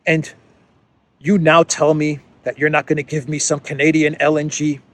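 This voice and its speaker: An irate middle-aged national leader, as a man puts on a mocking impression, scolding loudly and throwing insults. His voice sits a little high and carries exasperation. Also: flat delivery, normal speed, natural voice. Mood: exasperated.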